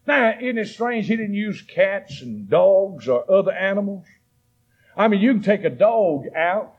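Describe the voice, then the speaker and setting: An older man preaching a sermon in a folksy manner, building to shouted emphasis. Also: sits high. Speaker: pastor. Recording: dull lo-fi archive recording.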